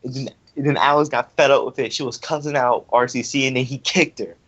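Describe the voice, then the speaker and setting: A man's voice: medium pitch, steady tone, fast, a bit bright. A young man ranting angrily in casual talk, repeating himself as he vents about an online wrestling event. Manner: angry, repetitive, ranting. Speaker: online wrestling league member. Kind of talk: heated casual rant. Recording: dull lo-fi audio.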